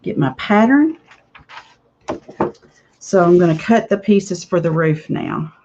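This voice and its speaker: A woman's voice: fairly low pitch, expressive, slow pace, noisy background. Chatty woman crafting, slightly muffled. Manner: chatty, rambling, talks to viewers while working. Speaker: craft vlogger. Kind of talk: casual livestream chat while crafting. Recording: slightly dull lo-fi audio.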